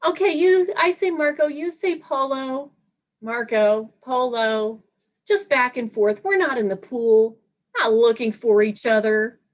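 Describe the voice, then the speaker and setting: A woman doing a stand-up set with a slow deadpan delivery, voicing her young daughter in between. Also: fairly high pitch. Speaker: stand-up comedian.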